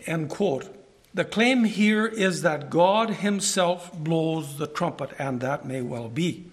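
A man's voice: a little high, slow. A man giving a Bible teaching sermon who reads scripture passages aloud and then comments on them. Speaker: preacher.

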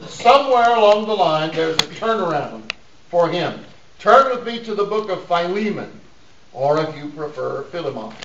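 A man's voice: on the high side, fairly bright tone, slight background noise. A middle-aged man preaching a sermon in a folksy, joking way, laughing often between points. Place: church. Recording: echoey dull room sound from a distance.

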